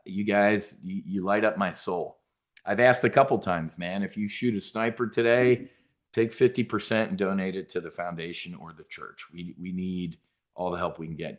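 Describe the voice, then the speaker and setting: A middle-aged man hosting a trading show, giving blunt, profane, rambling live market commentary. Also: fairly low pitch.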